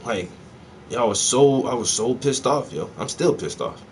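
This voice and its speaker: A man from South Carolina, talking casually in an excitable, profane monologue full of slang. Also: medium pitch, moderate pace, slight background noise. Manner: profane, excitable, peppered with "yo" and "bruh". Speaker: host.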